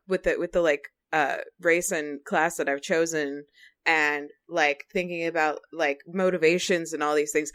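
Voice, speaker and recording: Chatting casually as a podcast co-host, this woman rambles, leaning on fillers and frequent restarts. Her pitch sits on the low side, with a slightly bright quality.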